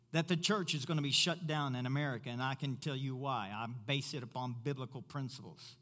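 A man's voice: mid-range voice, fast, few pauses, a bit bright, in a large hall. A pastor preaching a sermon emphatically, repeating his key points for weight.

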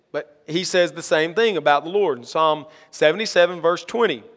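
A man with a notably high voice delivers a sermon from the pulpit. He reads scripture slowly and builds to emphatic, rising lines, and his voice rings on in the long reverb of a church sanctuary. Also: fairly bright tone. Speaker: pastor.

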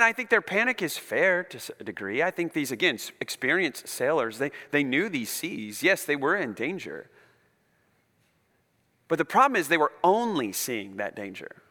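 A man preaching a sermon as pastor, in an animated, conversational, emphatic manner. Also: fairly high pitch, long reverb tail.

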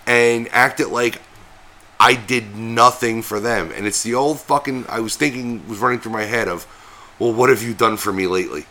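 A man's voice: mid-range voice, pushed and bright. A man co-hosting a casual podcast, venting in a bitter, profane way. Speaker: podcast co-host.

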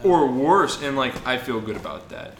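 A man's voice: medium pitch, moderate pace, reverberant, slight background noise. A man co-hosting a podcast, recapping comic books in casual chat and acting out the characters' lines with plenty of swearing. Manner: animated retelling with acted-out quotes, swearing. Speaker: podcast co-host.

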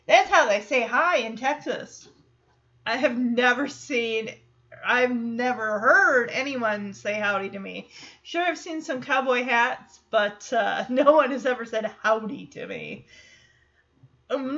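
A woman's voice: fairly high pitch, fairly bright tone. A young woman from Michigan chatting casually through an episode, laughing often and acting out the characters' lines. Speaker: show reaction vlogger. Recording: dull lo-fi recording.

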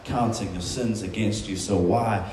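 A man's voice: on the low side, steady tone, unhurried, darkish tone, a little hiss or hum. A man preaching a sermon, earnest and emphatic, often voicing quotations in a stronger tone. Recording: very echoey room.

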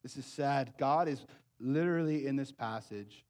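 A man preaching a sermon as pastor, pleading and emphatic, swinging between loud urgent passages and quiet low asides. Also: moderate pace.

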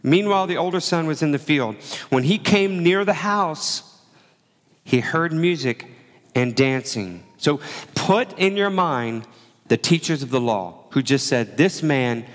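A man preaching a sermon in a relaxed, conversational way, acting out the quoted lines as he tells the story. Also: medium pitch, a little slow, big-room sound. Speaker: pastor.

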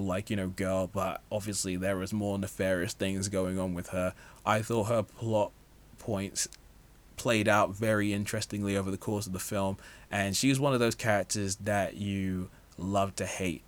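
A man with a somewhat low voice talks through a film review in a relaxed, chatty way. He is opinionated and easygoing, and he leans on casual fillers as he goes. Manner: chatty and opinionated, with frequent "like, you know" fillers. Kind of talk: casual movie review monologue.

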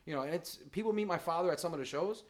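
A man, a comedian guest talking in a casual podcast chat, emphatic and animated. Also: a little high, racing.

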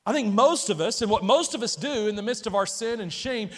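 A man delivers a sermon with dramatic storytelling, often turning to ask his listeners questions. His voice sits high. The hall around him adds a long echo. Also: expressive, brisk. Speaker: preacher.

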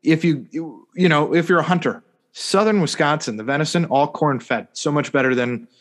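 A man's voice: on the high side, normal speed. A man co-hosting a casual sports podcast, rambling through a sarcastic story full of fillers and mock-serious "hypothetically" asides. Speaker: podcast co-host.

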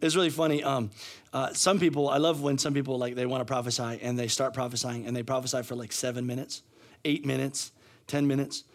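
A man pastor preaching a sermon, with many repetitions and restarts, moving from soft, low talk to loud shouting. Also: level tone, fairly quick.

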